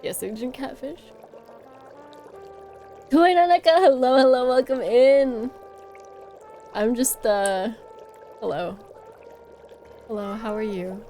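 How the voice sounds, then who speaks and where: A woman's voice: fairly high pitch, slow pace, long pauses, dark tone, soft background music. A woman streamer chatting casually on a livestream, playful and giggly, rambling as she talks.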